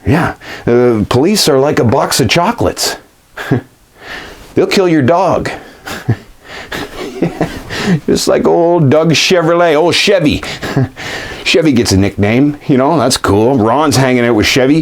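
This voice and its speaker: A man's voice: slow, pauses often. Rambling, heated comedic ranter, man. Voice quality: lively swooping pitch. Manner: rambling, full of fillers and restarts, heated. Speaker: comedy sketch character ranting.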